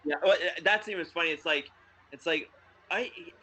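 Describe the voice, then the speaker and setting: A man chatting casually on a podcast, rambling through his thoughts with lots of fillers and laughs. His voice has a bright, forward tone. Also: fairly high pitch, normal speed. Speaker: podcast co-host. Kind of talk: casual chat.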